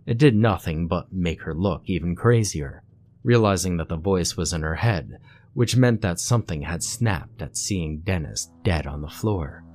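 A man reading a horror story aloud in a steady, measured narration. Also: deep voice.

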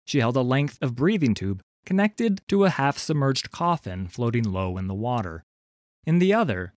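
Expressive male storybook narrator. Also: lowish voice, no room sound, studio quality. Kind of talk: dramatic audiobook narration.

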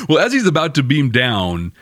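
Host, young man, lively wry recap, dry close sound. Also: medium pitch, unhurried, dry recording. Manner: wry, animated, chuckling asides. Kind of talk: casual episode recap.

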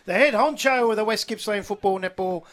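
A man's voice: high voice, a bit bright. A middle-aged Australian man hosting a casual radio sports interview from a football ground, enthusiastic and matey. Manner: enthusiastic, matey, drawn-out delivery. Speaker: radio sports show host. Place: outdoor broadcast at a football ground.

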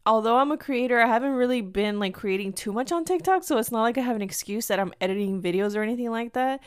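A woman's voice: a little high, smooth, no echo, clean studio sound. A woman hosting her own podcast, telling a personal story in a candid, rambling, confessional way, slipping into Spanish phrases now and then. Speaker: podcast host.

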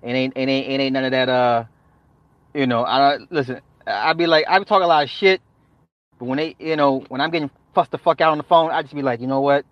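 On his live stream, a medium-pitched man talks a little fast, trading profane jokes with frequent laughter and replying to chat, repeating phrases to drive points home. The audio is dull, lo-fi and dry, with no echo.

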